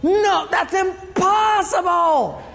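A man's voice: very high-pitched, animated, unhurried, a bit bright, a faint crowd, voice pushed up, full character voice. A man voicing a bewildered, incredulous time traveler from the 1800s who exclaims at modern things. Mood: exclaiming. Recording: long reverb of a hall.

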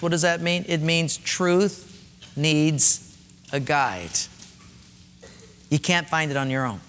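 Bright-voiced emphatic preacher man. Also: lively intonation, measured pace, long pauses. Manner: emphatic, repeats key phrases, drops to quiet low emphasis. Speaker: pastor. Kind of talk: sermon. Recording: long hall reverb.

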